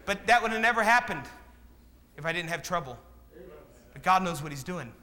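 A pastor preaches a sermon with call-and-response questions to the congregation, acting out the voices of people in his stories. His voice is high, expressive, pushed and bright, and he speaks briskly. There's slight background noise and a long hall reverb.

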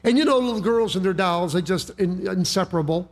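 A man's voice: sits high, brisk. A man preaching a sermon, telling a story in a folksy way with frequent restarts and repeated words. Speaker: pastor.

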